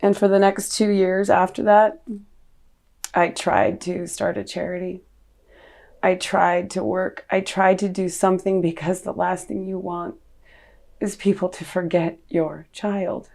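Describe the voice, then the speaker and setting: A woman's voice: on the low side, level tone, a little slow, vocal fry, darkish tone. A middle-aged woman, a podcast guest, recounting a painful memory in a raw, earnest way. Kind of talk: personal storytelling in an interview.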